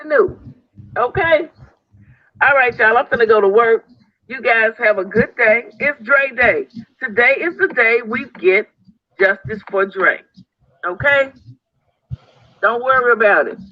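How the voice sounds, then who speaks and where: A woman's voice: fairly high pitch, a little slow, long pauses, dry recording. A woman talking casually to her viewers in a played vlog clip. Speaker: online commentator. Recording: dull lo-fi clip audio.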